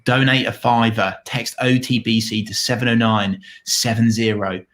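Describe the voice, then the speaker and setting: A man's voice: mid-range voice, flat delivery, moderate pace, a bit bright, a little hiss or hum. A man co-hosting a charity livestream, tired with his voice going, upbeat and stumbling over his words. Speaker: livestream co-host. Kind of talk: casual charity livestream chat.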